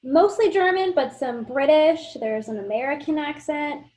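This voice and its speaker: A woman's voice: sits high, expressive, moderate pace, darkish tone, low-quality recording. A woman interviewing a guest, asking short casual questions.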